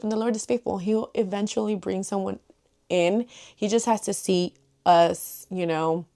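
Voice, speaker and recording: A young woman sits and talks straight to her viewers in a relaxed, unscripted chat. She rambles from thought to thought with plenty of fillers and restarts, her voice at an ordinary middle pitch. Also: a little fast. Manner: chatty and rambling, full of "like" and "you know". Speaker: vlogger. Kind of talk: casual chat to camera.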